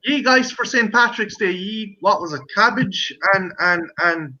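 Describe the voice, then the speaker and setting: A man with an Irish accent, talking in a casual chat, profane and animated as he tells stories. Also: high-pitched, moderate pace. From Ireland. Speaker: co-host. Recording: dull lo-fi audio.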